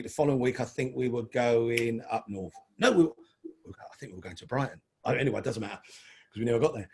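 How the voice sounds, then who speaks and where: A middle-aged Londoner tells stories as a guest in an interview, chatting casually and calling the host "mate." His mid-range voice is creaky with a breathy edge. He talks a little fast.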